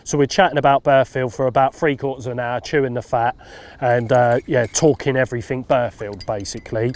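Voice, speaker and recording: A man, a fishing consultant telling a funny anecdote in a lively storytelling way. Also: mid-range voice. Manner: lively storyteller, acts out what people said.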